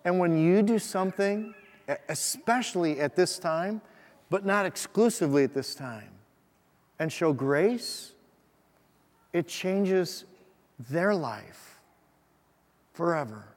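Man preaching a sermon, slightly higher voice, emphatic with hushed drops, long church reverb. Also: lively intonation, slow pace, long pauses. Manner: emphatic preaching, swinging between loud and soft. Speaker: pastor. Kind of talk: Christmas sermon with a read-aloud story.

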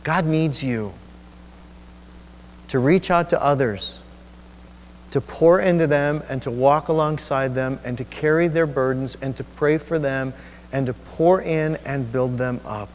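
A male pastor preaching a sermon, telling a personal story in an emotional, halting way with many restarts. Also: mid-range voice, a little mellow, in a large hall, slight background noise. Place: church sanctuary.

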